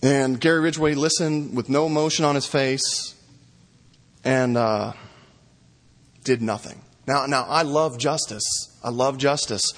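Male pastor, sermon, slightly high husky voice, earnest repetition, long church-hall reverb. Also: fairly bright tone. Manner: earnest, repeating phrases for emphasis.

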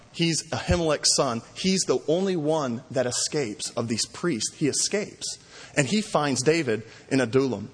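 A male pastor telling a sermon story in an animated way, often repeating words and acting out the characters. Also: mid-range voice, husky. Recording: long hall reverb.

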